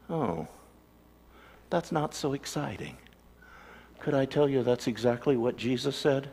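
A man preaching a sermon as a pastor, animated storytelling with acted-out voices. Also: mid-range voice, a little slow, vocal fry, pauses often, slight background noise. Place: church sanctuary. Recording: long church reverb.

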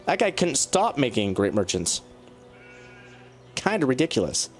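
Chatty man narrating his gameplay. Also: faint music behind. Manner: chatty, talks to game units, quick excited jumps in pitch. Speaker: let's play gamer. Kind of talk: casual gameplay commentary.

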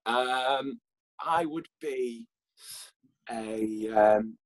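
A man's voice: mid-range voice, extremely slow, no room sound, poor audio. A young man, an actor, chatting as an interview guest and telling funny stories with frequent laughter. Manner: animated storyteller, laughs often. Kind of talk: casual interview chat.

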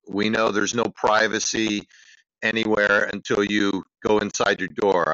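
Male caller, tense bright voice, rambling anecdote, muffled lo-fi message. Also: on the low side, no echo. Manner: chatty storyteller, many uhs. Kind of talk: recorded voicemail question.

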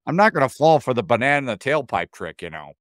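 Male sports talk co-host, relaxed conversational delivery, lively pitch, dry studio sound. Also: quick pace, no room sound. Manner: easygoing, conversational, repeats words when starting. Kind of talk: casual sports radio chat.

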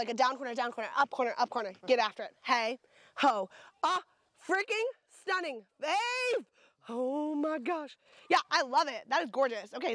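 A woman's voice: high-pitched, a bit bright. A woman directing a photo shoot, bubbly and gushing with enthusiastic praise as she calls out poses. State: sucking on a throat lozenge.

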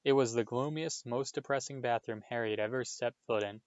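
A man's voice: medium pitch, fairly quick, no room sound, highs cut off. A man reading a children's novel aloud, plain storytelling that lifts for the dialogue. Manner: plain storytelling with small restarts, lifting his voice for dialogue. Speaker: audiobook reader.

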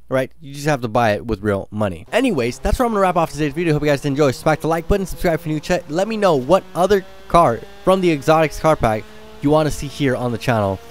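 A man giving excited, slangy gameplay commentary as a gaming YouTuber, calling out speeds as he drives. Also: mid-range voice, slight background noise.

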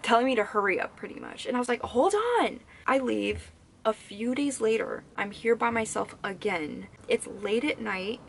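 A young woman vlogger casually telling stories to the camera, animated and swearing freely. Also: mid-range voice, slight background noise. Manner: animated, swears freely while recounting scary events.

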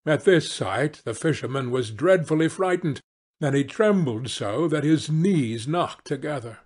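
A male storyteller narrating a fairy tale for English learners in a slow, dramatic way. His voice is a bit breathy and husky, and his pitch moves a lot from line to line. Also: expressive, a little mellow.

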